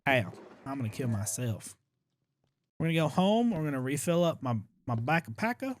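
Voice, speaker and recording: A young man giving casual gameplay commentary as a streamer, chatty, with exaggerated complaints and excited outbursts. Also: medium pitch, moderate pace, slight background noise. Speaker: gaming streamer.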